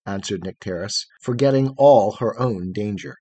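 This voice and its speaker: A man narrating a fairy tale as an audiobook, in an expressive, measured storytelling manner with a husky voice. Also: on the low side, no echo. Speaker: reader.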